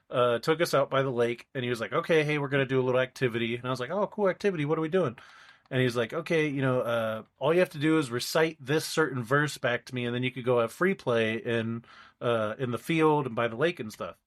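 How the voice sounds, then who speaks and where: A man's voice: mid-range voice, fairly bright tone. A young man, a podcast co-host, telling a long story in casual chat, rambling along and acting out the people he quotes.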